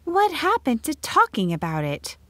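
A woman's voice: sits high, moderate pace, no room sound, pitched above the performer's own voice. A woman voicing an earnest, spirited eighteen-year-old schoolteacher in an audiobook. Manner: lively, bright-toned dialogue reading.

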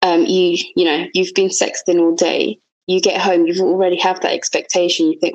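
A woman's voice: on the low side, normal speed, hardly any pauses, no echo, dull audio. A young woman co-hosting a casual chat podcast, telling stories frankly and with lots of laughter. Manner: frank, animated storytelling with laughs. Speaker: podcast co-host.

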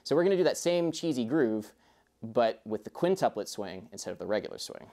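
A man's voice: on the low side, big pitch swings, a little fast, creaky, warm tone. A young man teaching a music lesson in a casual, chatty way, with rambling asides.

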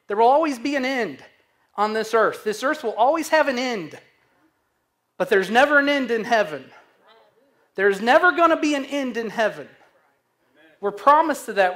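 A man pastor preaching a sermon, slow and emphatic, asking the congregation questions to fill in. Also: extremely high pitch, lively intonation, fairly bright tone. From Missouri.

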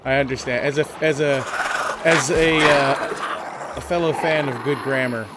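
A man's voice: medium pitch, steady tone, unhurried, very noisy. Easygoing American man gaming. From United States. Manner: easygoing, joking banter. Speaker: co-player guest. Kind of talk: casual gameplay chat.

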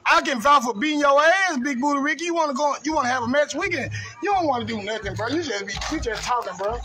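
A man's voice: very high-pitched, expressive, fast talker, music in the background. A man delivering a confrontational, profane rant on a live video and taunting someone over and over. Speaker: streamer ranting on a live video.

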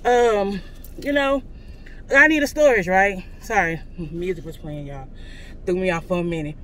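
A woman vlogger venting casually to her viewers, loud and profane, from in or near her car. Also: on the low side, moderate pace, slight background noise.

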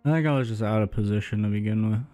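A man's voice: on the low side, racing, warm tone, faint music behind. A young man streaming a game, casually talking through his own plays and second-guessing them. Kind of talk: casual gameplay commentary.

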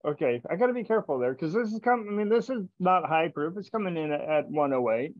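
Give me an enthusiastic man hosting a casual chat over a dull video call, mid-pitched, stumbling and repeating words. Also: animated, quick pace, no echo. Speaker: podcast host tasting bourbon. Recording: dull, lo-fi sound.

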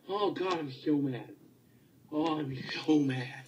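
A man angrily ranting about a video game, stammering and repeating himself as he swings between outbursts and low muttering. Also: slow, darkish tone, rough recording. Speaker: video gamer. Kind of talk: angry ranting vlog.

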